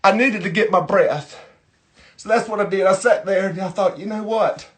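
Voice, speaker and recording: A man's voice: high voice, normal speed, close to an everyday voice. A man playing a chatty, easily irritated middle-aged Southern woman with a Southern US accent, who rambles on in a folksy drawl. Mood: folksy griping. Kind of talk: character monologue to camera.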